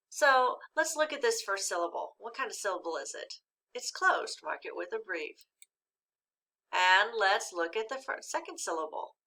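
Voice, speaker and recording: A woman teacher giving a slow, patient phonics lesson, speaking clearly and sounding out each syllable. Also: mid-range voice, bright, forceful tone. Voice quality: clear, deliberate enunciation of syllables.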